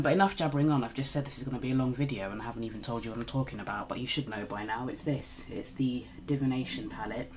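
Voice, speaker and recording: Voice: mid-range voice, a little hiss or hum. A makeup vlogger, talking in a rambling, apologetic way in a groggy early-morning voice. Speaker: beauty channel host. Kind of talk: casual makeup vlog chat.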